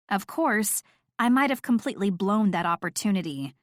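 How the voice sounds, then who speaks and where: A woman's voice: mid-range voice, expressive, moderate pace, no echo, clean studio sound. Wry woman reading a romance audiobook. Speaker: audiobook narrator. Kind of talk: first-person romance narration.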